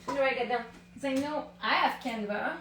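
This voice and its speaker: A woman with a high voice talks in a loose, rambling way, hosting a casual live chat. She often slips into acting out her own inner thoughts. The sound bounces around an echoey room. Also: moderate pace, fairly bright tone, a little hiss or hum. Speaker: live stream host.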